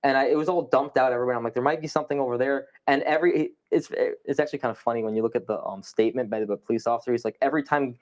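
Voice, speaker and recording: A young man, a podcast guest, telling a story in animated, fast casual conversation and swearing often. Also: medium pitch.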